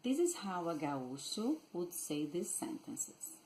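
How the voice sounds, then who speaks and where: A woman's voice: on the low side, big pitch swings, slow pace, dark tone, slight background noise, low-quality recording. A woman from Rio de Janeiro state with a Brazilian Portuguese accent, teaching a Portuguese lesson and carefully demonstrating pronunciations. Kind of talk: language lesson.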